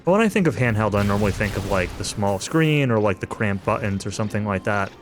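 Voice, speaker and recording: Man, low voice, casual gameplay commentary, rambling with fillers, game music in the background. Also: expressive, fast. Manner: rambling and hedging, with frequent fillers; dry, self-aware sarcasm. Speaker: let's-play streamer. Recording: game music playing behind the voice.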